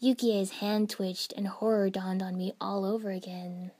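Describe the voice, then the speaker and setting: A woman narrating a first-person fan fiction story in an even storytelling manner. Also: mid-range voice, unhurried.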